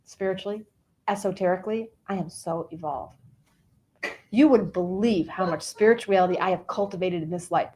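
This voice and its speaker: A woman's voice: fairly low pitch, normal speed, a little mellow, voice pushed down, natural voice, low-quality recording. A woman voicing a whiny, oversensitive woman who personifies the Cancer sign and talks in a melodramatic, self-pitying way. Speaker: comedic character performer. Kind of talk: improv comedy character.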